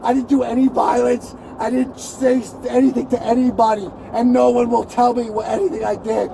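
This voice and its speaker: A very high, gravelly man's voice, upset and insistent, alternating between pleading and yelling. It is picked up from the back of a police car by a bodycam, with noise all over the recording. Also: fairly even intonation, moderate pace, hardly any pauses, crowd noise. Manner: pleading then shouting, demanding answers. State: agitated, upset. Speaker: arrested passenger. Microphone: officer's bodycam. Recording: noisy bodycam audio.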